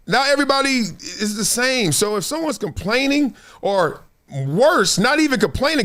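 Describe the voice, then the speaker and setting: A middle-aged man hosting a talk show, telling stories with big high bursts, low asides and frequent laughter. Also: bright, forceful tone. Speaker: show host. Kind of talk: animated solo commentary.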